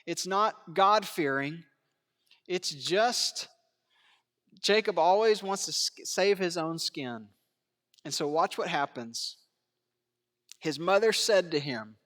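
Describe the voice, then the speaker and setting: A man preaching a sermon in a church, swinging between hushed asides and raised emphatic lines, chuckling and asking rhetorical questions. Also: high-pitched, animated, slow pace, pauses often, long reverb tail. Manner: acts out biblical quotes in character voices. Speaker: pastor. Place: church sanctuary.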